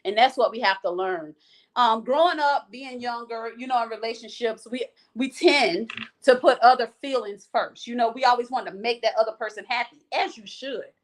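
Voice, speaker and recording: Frank, animated woman hosting a livestream. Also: a little high, moderate pace. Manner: frank, animated, talks straight to the viewers. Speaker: host of a live chat show. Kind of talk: casual livestream talk, reading viewer comments.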